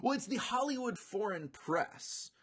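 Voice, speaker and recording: Male podcast co-host, husky voice, lively pitch, quick to laugh. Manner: animated, laughs often. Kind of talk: casual chat.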